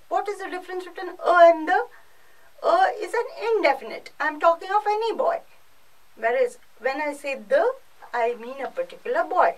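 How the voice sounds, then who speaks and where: Her voice is extremely high and expressive, moving at a moderate pace, though the audio is poor and the mic sits far away. A French teacher with an Indian English accent, she gives a recorded lesson, explaining patiently and repeating herself a lot.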